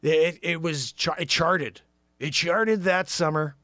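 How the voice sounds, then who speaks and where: A man hosting his own show, riffing an improvised comedy monologue with sudden loud shouted bursts. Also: on the high side, slow pace, dry recording, studio quality. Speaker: show host.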